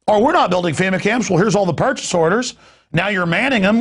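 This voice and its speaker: A man's voice: high voice, expressive, brisk, creaky, breathy edge. A middle-aged man hosting a talk show, ranting in an impassioned, indignant way and stumbling over repeated words. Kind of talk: heated talk radio rant.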